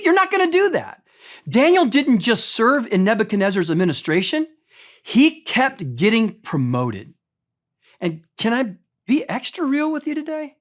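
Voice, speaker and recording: A man's voice: very high-pitched, a bit bright. A man preaching a conversational sermon as pastor, speaking straight to his congregation and often repeating words as he talks.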